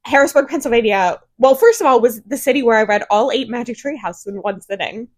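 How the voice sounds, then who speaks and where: A woman's voice: fairly high pitch, a little fast, a little mellow. A woman co-hosting a book podcast, chatting casually and telling rambling anecdotes. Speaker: podcast co-host. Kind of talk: casual chat.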